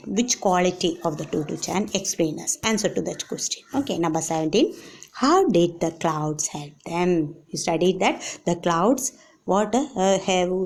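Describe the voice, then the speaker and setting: A woman's voice: on the low side, animated, moderate pace, darkish tone. Lady teacher going over a story w her class, hums a lot, keeps asking who and why. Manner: reads a line, then quizzes and rephrases it with many hums and fillers. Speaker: English teacher. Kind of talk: classroom lesson explaining a story.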